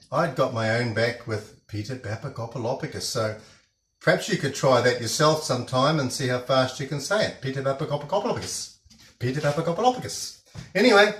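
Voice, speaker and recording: A man's voice: medium pitch, a bit bright, roomy sound. A man hosts a cooking show, telling a rambling story in a chatty, hesitant way. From New Zealand. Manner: chatty, hesitant, many fillers and restarts. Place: home kitchen.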